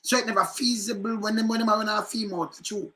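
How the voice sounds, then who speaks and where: A man with a Jamaican accent giving casual, animated commentary on political news clips, often repeating phrases. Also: high-pitched, quick pace.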